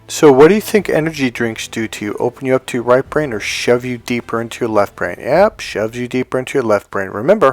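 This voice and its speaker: A man coaching other men on dating in an emphatic, blunt monologue, swearing freely as he drives his points home. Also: medium pitch. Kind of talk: motivational monologue to camera.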